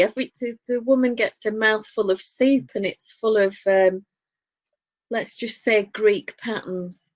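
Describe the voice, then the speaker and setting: A woman with a Northern English accent, co-hosting a casual podcast chat, telling stories and laughing often. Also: mid-range voice. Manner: chatty storyteller, laughs often. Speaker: podcast co-host. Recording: dull lo-fi sound.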